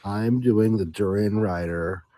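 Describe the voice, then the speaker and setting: A mopey woman complains from her bed in a sighing, whiny drone, slow and low, as a man puts her on. The tone is dark and the sound is dry. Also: lightly acted. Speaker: guest doing an impression.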